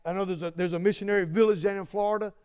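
A man preaching a sermon, earnest and emphatic, repeating phrases and swinging between loud declarations and hushed asides. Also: high voice, fairly even intonation, racing, smooth.

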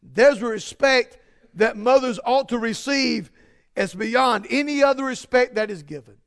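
A man's voice: extremely high pitch, measured pace, vocal fry, a bit bright. A man preaching a sermon, emphatic and repetitive, with frequent restarts and building stress.

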